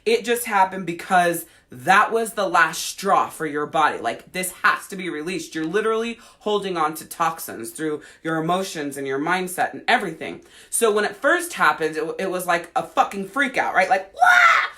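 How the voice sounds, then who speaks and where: A woman's voice: lowish voice, expressive, normal speed, few pauses, bright, forceful tone. A woman life coach on a livestream, answering viewer comments, talking bluntly with heavy swearing. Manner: blunt and heavily profane, acting out quoted voices.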